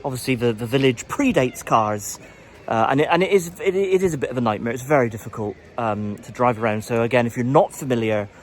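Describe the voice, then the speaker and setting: A man's voice: medium pitch, brisk, hardly any pauses, slight background noise. A man hosting a casual walking vlog, rambling chattily with repeated words and restarts, filmed outdoors in a busy village at night on a handheld camera. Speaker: vlogger, host.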